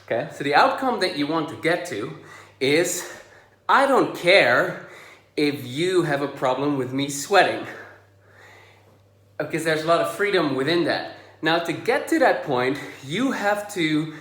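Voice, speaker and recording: A male coach speaks straight to the camera, a little out of breath, in a relaxed, chatty way that drifts through fillers and pauses. His voice sits on the higher side, and the room around him rings with echo. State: slightly out of breath. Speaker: social anxiety coach. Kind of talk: direct-to-camera video lesson. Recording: echoey room.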